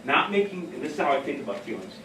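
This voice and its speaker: Animated man, echoey room from far off. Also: fairly high pitch, fast, background noise. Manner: animated storyteller, laughs often. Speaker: speaker on behavioral care. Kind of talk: casual talk to an audience.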